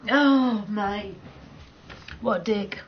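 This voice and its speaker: A woman's voice: medium pitch, very slow, highs cut off, slight background noise. A middle-aged woman chatting casually with viewers on her live gaming stream, rambling, laughing often and swearing freely.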